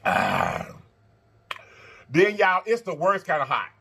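Lively high-voiced man chatting while eating. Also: slow, slight background noise. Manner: animated, talks straight to viewers, laughs and chants; talks while eating and blowing on hot food. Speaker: mukbang host. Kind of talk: eating-show vlog chat.

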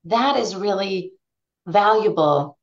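A woman's voice: medium pitch, lively intonation, slow. A woman guest in a podcast interview who tells anecdotes animatedly and acts out the voices in them. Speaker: guest ethnobotanist. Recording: dull lo-fi sound.

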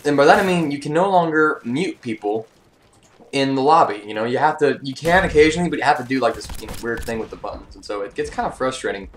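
A man's voice: medium pitch, expressive, fast talker, slight background noise. A young man, a gaming YouTuber, chatting casually over gameplay in a rambling way with many fillers.

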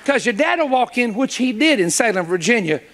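High-pitched, animated male preacher. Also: some chatter behind, slight background noise. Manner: animated, joking storyteller with quick asides; speaks directly to the audience. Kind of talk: sermon to a congregation. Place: church sanctuary with congregation.

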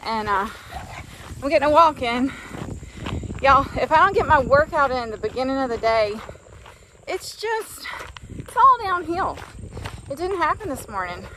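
A woman's voice: high-pitched, very animated, unhurried, long pauses, pushed and bright, a little hiss or hum. A middle-aged woman vlogging casually from her farm, chatty and folksy as she rambles along. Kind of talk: casual vlog chat. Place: outdoors on a farm.

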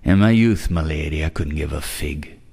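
A man's voice: a bass voice, normal speed, gravelly, a little mellow, breathy edge, heavily acted. A man voicing a lovestruck young man who gushes flowery endearments. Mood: earnest. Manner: theatrical, over-the-top romantic.

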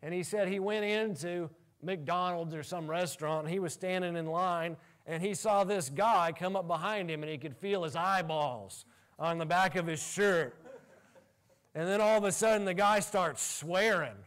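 A male pastor preaching a sermon in an animated way, laughing often as he talks. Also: high voice.

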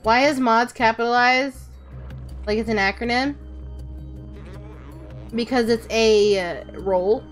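A woman's voice: a little high, a little slow, long pauses. Chatty woman streamer, game music behind. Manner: chatty, answers chat, swears casually. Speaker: VTuber streamer. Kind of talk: casual livestream chat while gaming.

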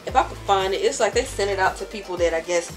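A woman's voice: mid-range voice, quick pace, faint music behind. A young woman vlogging at home, telling rambling stories while doing her makeup. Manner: chatty, rambling storytelling with frequent laughs. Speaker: beauty vlogger.

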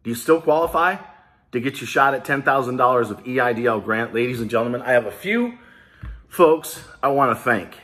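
A man's voice: medium pitch, fairly quick, a bit bright. A man hosting a small business video blog, talking straight to viewers in a hyped, rallying way that turns emotional. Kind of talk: casual emotional vlog.

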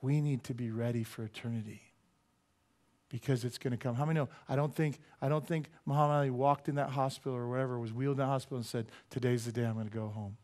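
A male pastor preaching a sermon in a church, animated and joking, asking the congregation rhetorical questions. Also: mid-range voice, quick pace. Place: church sanctuary.

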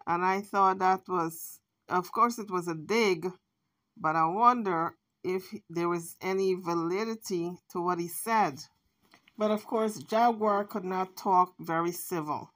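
A woman's voice: on the low side, a little slow, fairly bright tone. Chatty woman vlogger recapping. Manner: chatty, speculating. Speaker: commentary channel host. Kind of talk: casual commentary vlog.

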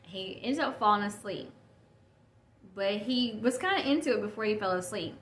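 A woman's voice: mid-range voice, expressive, normal speed, fairly bright tone. A woman in her thirties hosting a casual solo podcast, rambling and correcting herself as she talks. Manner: rambling, self-correcting, chatty. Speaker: podcast host. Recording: echoey room with faint noise.

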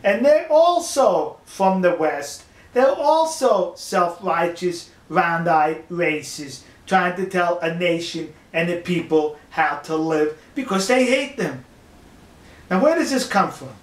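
A man, speaking, delivers a mocking, emphatic opinion rant to his viewers, stressing words slowly. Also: high-pitched, lively intonation, echoey room. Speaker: video commentator. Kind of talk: ranting opinion monologue.

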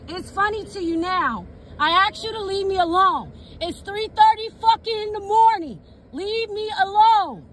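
A woman's voice: very high-pitched, fairly bright tone, slight background noise. A woman recording a police encounter on her phone outdoors at night, angry, repetitive and swearing. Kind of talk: angry confrontation filmed on a phone. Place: outdoors in a parked car at night.

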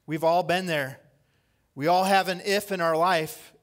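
A man preaching a sermon as pastor, swinging between loud impassioned cries and hushed lines and repeating key phrases for emphasis. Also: on the high side, normal speed.

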